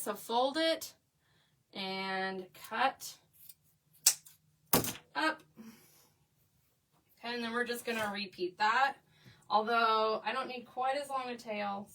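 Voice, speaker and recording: A woman's voice: medium pitch, a bit bright, recorded from a distance. A woman teaching a craft live, bubbly and chatty as she talks with her viewers. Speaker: craft instructor. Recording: voice a bit away from the mic.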